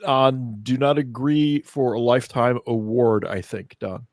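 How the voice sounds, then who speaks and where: A man's voice: mid-range voice, steady tone, unhurried, no echo. A man hosting a podcast, telling stories bluntly with plenty of swearing. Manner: blunt, profane storytelling. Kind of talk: podcast chat.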